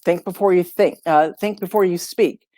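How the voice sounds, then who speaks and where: A woman, a life coach and podcast guest, tells stories in a relaxed, conversational way and acts out the lines of the people in them. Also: lowish voice, moderate pace, no echo, clean studio sound. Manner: lively storyteller who acts out dialogue. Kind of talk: casual podcast storytelling.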